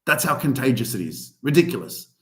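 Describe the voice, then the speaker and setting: Animated, swearing man. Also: medium pitch, fairly quick, roomy sound. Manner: animated, heavy swearing, emphatic. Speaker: podcast host. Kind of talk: motivational podcast rant.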